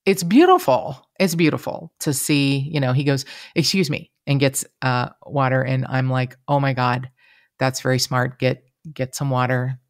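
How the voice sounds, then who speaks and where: A woman's voice: extremely low pitch, moderate pace, dry recording, studio quality. A woman, co-hosting a casual true-crime podcast, talking emotionally and acting out what people said. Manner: chatty, emotional, quotes people in lively voices. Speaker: podcast co-host. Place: podcast room.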